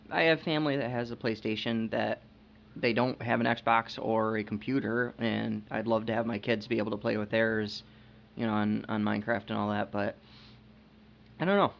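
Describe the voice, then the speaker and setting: A man's voice: medium pitch, creaky. A man co-hosting a casual podcast chat. He talks hesitantly, repeating his words and using lots of fillers. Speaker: podcast co-host. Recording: dull lo-fi podcast audio.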